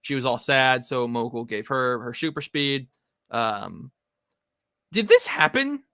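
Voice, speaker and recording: A man's voice: mid-range voice, expressive, measured pace, sharp tone, clean tone, dry recording, studio quality. A man co-hosting a casual comic recap, rambling with lots of fillers and frequent laughter. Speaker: podcast co-host.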